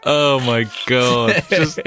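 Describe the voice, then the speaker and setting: A man's voice: medium pitch, extremely slow, sharp tone. A British man co-hosting a gaming podcast, chatty and jokey, laughing often as he introduces segments. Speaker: podcast co-host. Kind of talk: casual gaming podcast chat.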